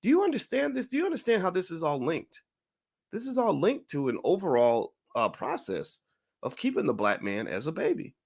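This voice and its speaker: A man's voice: fairly high pitch, sing-song, moderate pace, creaky. A man giving an opinionated commentary monologue, emphatic, firing rhetorical questions and tagging lines with "right?".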